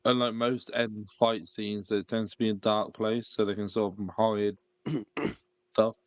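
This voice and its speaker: A man co-hosting a casual podcast, giving measured opinions with fillers. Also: fairly low pitch, little pitch movement, no echo. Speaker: podcast co-host. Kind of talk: casual chat.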